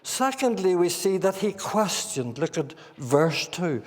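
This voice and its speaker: A man's voice: high-pitched, sing-song, a little slow, few pauses. A man with a Northern Irish accent preaching a sermon in a church meeting hall, earnestly putting questions to his listeners.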